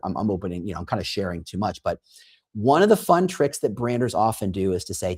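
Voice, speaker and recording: Husky, lively man explaining ideas. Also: mid-range voice. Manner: animated, restarts often, acts out quotes. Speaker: guest expert on recruiting. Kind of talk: conversational interview.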